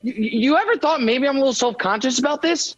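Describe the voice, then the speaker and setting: A man guesting on a sports radio show, trading animated, mock-indignant banter, his voice jumping up when he gets worked up. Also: fast talker, lo-fi sound. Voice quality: higher voice he calls bad for radio.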